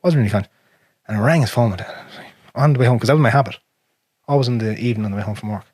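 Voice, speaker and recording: Irish male podcast host, raspy, quick, blunt and profane, dry close sound. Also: medium pitch, a little mellow, dry recording. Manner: frank and profane, drops to a near whisper on painful memories. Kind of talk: casual conversation.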